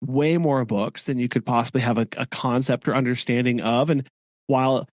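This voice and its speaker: A man with a mid-range voice muses and laughs easily in relaxed podcast chat. His voice sounds dry and close to the mic. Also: medium pitch, moderate pace, dry recording. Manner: laid-back, laughing, musing. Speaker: podcast co-host. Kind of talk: casual chat.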